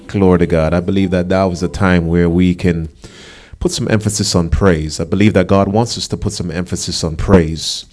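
A man's voice: low-pitched, steady tone, moderate pace, a little mellow, faint music behind. A male pastor leading a congregation in prayer and preaching, with a fervent, rising cadence and call-and-response questions to the listeners. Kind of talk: sermon with prayer.

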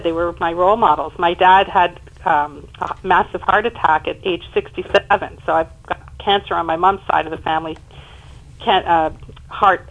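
A woman in her fifties, a guest on an interview show, telling her family's story in an emphatic, animated way. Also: on the low side, muffled recording. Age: 50s. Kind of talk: personal storytelling in conversation.

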